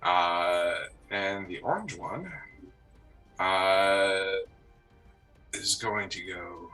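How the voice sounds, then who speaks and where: A man narrating a tabletop game as game master, halting with many ums and uhs. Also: sits low, pushed and bright, faint music behind, rough recording.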